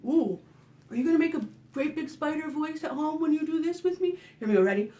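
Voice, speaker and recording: A woman children's librarian leading a preschool storytime, singing and talking to small children in an animated sing-song way. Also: high voice, a little fast, roomy sound. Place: home, recorded for online storytime.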